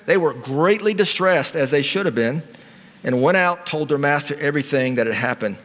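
A middle-aged man preaches into a stage mic, animated and emphatic, and often repeats himself for effect. His voice sits a bit high for a man. A long reverb rings around him in a large church hall. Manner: animated, emphatic storytelling with repetition. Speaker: pastor. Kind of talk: sermon.

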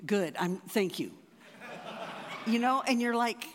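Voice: medium pitch, lively intonation, takes it slowly, fairly bright tone, slight background noise. A speaker giving a sermon through a personal story, talking conversationally with frequent restarts. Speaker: speaker at a church or retreat. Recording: reverberant hall.

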